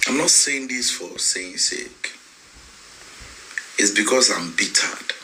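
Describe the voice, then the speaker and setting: Speaking slowly in a lowish voice with lively intonation, a Nigerian-accented man delivers an impassioned live-stream address, moving among English, Yoruba and pidgin and turning emphatic, rising when indignant. His tone is pushed and bright, and the rough recording carries slight background noise.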